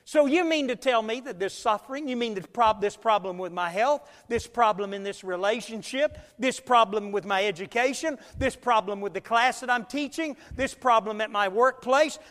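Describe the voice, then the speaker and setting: A man preaching a sermon as pastor, emphatic, swinging between loud and quiet, speeding up and slowing down. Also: very high voice, expressive, long reverb tail. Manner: emphatic preaching with big swings in loudness and pace.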